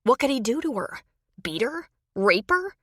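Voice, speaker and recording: A woman narrating a romance audiobook in measured scripted storytelling. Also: high-pitched, very animated, slightly rough, no room sound, clean studio sound.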